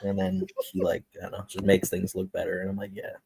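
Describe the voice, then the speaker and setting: A man's voice: low-pitched, completely flat delivery, quick pace, vocal fry, darkish tone, breathy edge. A man from upstate New York, a comic writer guesting on a talk show, speaking hesitantly with lots of fillers. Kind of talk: casual chat.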